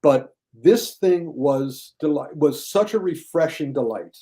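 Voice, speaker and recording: Excited guy on a podcast, kinda high voice, warm and mellow, does whiny mocking voices. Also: a little slow. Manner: enthusiastic, mocks critics in a high whiny voice. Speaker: guest critic. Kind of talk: casual podcast chat.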